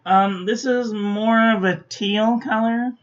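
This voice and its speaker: A sleepy woman giving dry, low-key commentary while testing ink on paper. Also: steady tone, takes it slowly. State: sleepy, yawning. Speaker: stationery reviewer. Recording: dull lo-fi recording.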